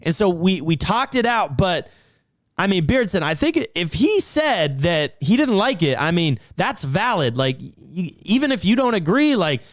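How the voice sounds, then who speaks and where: A man's voice: sits high, big pitch swings, measured pace, dry recording, clean studio sound. A man hosting a livestream, talking casually and telling a rambling, profane story to settle an argument. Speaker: livestream host.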